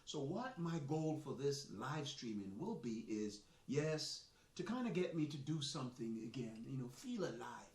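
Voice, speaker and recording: A man's voice: medium pitch, normal speed, few pauses. A man with a Jamaican accent hosting a soccer live stream, talking in a chatty, boastful, rambling way. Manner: animated, boastful, chatty with restarts. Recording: echoey room, mic at a distance.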